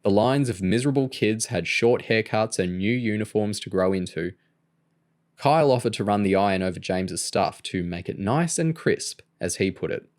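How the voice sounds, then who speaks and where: A man reading a novel aloud in a steady storytelling manner. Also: fairly low pitch, normal speed. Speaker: audiobook reader. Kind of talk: audiobook narration.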